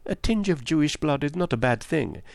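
In a dry, close recording, a cool and defiant young wife speaks in a smooth, icy, measured voice, as a male reader puts her on. Her voice sits somewhat higher than a man's, and she stays composed and proud. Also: animated, no room sound. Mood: cold, defiant.

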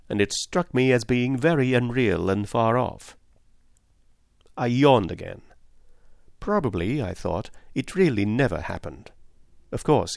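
A man narrating a novel in the first person in a steady, unhurried reading voice. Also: fairly low pitch, vocal fry, dry recording, clean studio sound. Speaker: audiobook narrator.

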